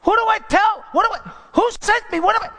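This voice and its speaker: A man's voice: extremely high pitch, fairly quick, bright, forceful tone, voice pushed up, heavily acted. A man voicing a worried man who questions God, pleading and unsure. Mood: anxious. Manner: anxious, questioning. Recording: long hall reverb.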